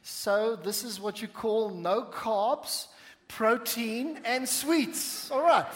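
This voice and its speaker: A man preaching a sermon to a church congregation, with playful asides and slowed-down emphasis on key lines. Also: sits high, expressive, fairly bright tone, in a large hall. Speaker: pastor. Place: church sanctuary.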